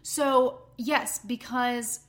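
Bright, high-voiced young woman telling a story. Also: extremely slow. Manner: animated, swears casually, self-deprecating. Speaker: podcast co-host, stage performer. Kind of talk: casual chat, storytelling.

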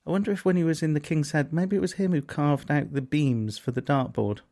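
Gravelly West Country podcast co-host. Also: male voice, on the high side, brisk, dark tone. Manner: dry, teasing, playful. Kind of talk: casual comedy podcast banter.

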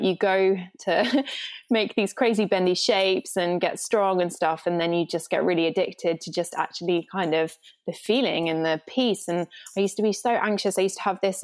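A woman's voice: medium pitch, moderate pace, darkish tone. A woman from England in her thirties, a yoga teacher talking candidly and rambling a little as a podcast guest. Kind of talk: podcast interview.

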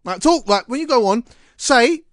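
A man's voice: very high voice, lively intonation, normal speed, fairly bright tone, no echo, clean studio sound, voice pushed up. A man putting on a slick radio DJ voice. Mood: mocking, upbeat. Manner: exaggerated, bouncy presenter delivery. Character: male radio boss coaching a slick, upbeat DJ voice.

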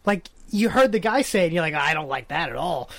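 A man's voice: on the high side, expressive, quick pace, fairly bright tone, no echo. A man teasing his friend bluntly in casual banter.

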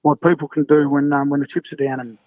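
A man's voice: a little high, flat delivery, fast, no room sound, muffled recording. An Australian man telling stories in a casual interview, blokey, calling everyone mate, with many restarts. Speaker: interview guest. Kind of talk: casual storytelling chat.

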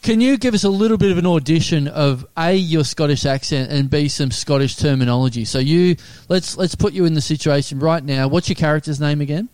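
A man's voice: on the high side, fairly quick, hardly any pauses, a little mellow, no echo. A man hosting a casual comedy podcast, teasing his guests with dry banter. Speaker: podcast host.

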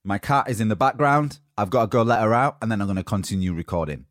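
A man's voice: lowish voice, fast talker, no room sound, clean studio sound. A young British man hosting a solo motivational podcast in a rambling, conversational way from his home. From Britain. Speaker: podcast host. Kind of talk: casual solo podcast talk.

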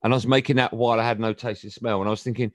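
A middle-aged English man chatting on a podcast, telling stories with a teasing, animated manner. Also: mid-range voice, very fast, dry recording. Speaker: guest. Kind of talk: casual podcast chat.

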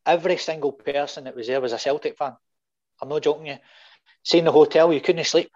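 A man's voice: on the high side, fairly quick. Storytelling Scottish man, muffled recording. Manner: animated anecdotes with swearing and voiced quotes. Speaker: guest fan. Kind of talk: casual storytelling.

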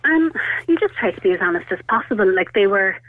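A woman's voice: medium pitch, big pitch swings, quick pace, no echo. A woman in her thirties with an Irish accent, a radio caller telling a personal story in a chatty, rambling way. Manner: chatty and rambling, full of "like" and "you know". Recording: tinny phone line.

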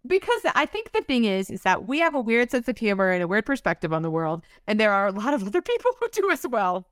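A woman's voice: medium pitch, very animated, fast, fairly bright tone, no room sound, studio quality. A woman co-hosting a casual book podcast, laughing often, cursing freely and reading quotes aloud. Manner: giggly, swears freely, reads quotes aloud. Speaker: podcast co-host.

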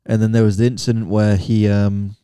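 A man's voice: lowish voice, brisk, smooth, no echo, studio quality. A young man, telling stories candidly and animatedly in a casual podcast chat. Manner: animated storytelling, candid and swearing. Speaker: podcast co-host, son.

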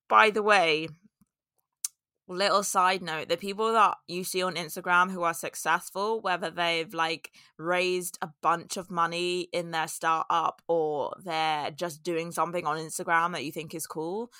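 A woman's voice: on the low side, steady tone, normal speed, sharp tone, dry recording, clean studio sound. Chatty woman podcast host. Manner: emotional, grateful, chatty. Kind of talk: solo podcast talk.

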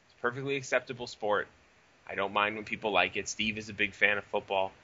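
A young man hosting a casual podcast, telling profane, animated stories with quoted dialogue. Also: on the low side, fast talker, dull audio. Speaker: podcast host.

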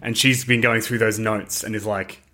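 Animated man recounting favorite scenes. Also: lowish voice, normal speed. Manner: animated, laughs while retelling scenes. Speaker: film podcast co-host. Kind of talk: casual film review chat.

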